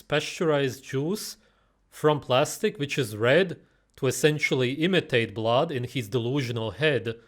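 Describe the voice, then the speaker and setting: A man's voice: on the high side, fairly bright tone. A man giving mocking, sarcastic reaction commentary on a video. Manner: scornful, sarcastic.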